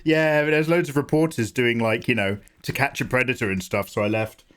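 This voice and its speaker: A man, slightly hoarse from a cough, casually chatting and joking with viewers while he draws on a live stream. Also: mid-range voice, brisk, fairly bright tone. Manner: chatty, joking, greets chat by name. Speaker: art streamer.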